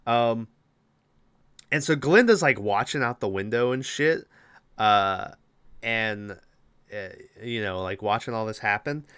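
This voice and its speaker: Bright, crisp-voiced man recapping a movie. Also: medium pitch, measured pace, pauses often, no echo. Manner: animated, swears freely, rambling with fillers. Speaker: podcast host.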